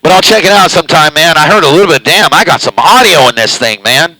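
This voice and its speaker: Here a man with a slightly high, animated voice talks at a quick clip, bright and forceful. He hosts a live home CB radio stream, chatting in a relaxed drawl and boasting that he eats the mic, staying very close to it. The recording is dry and low quality.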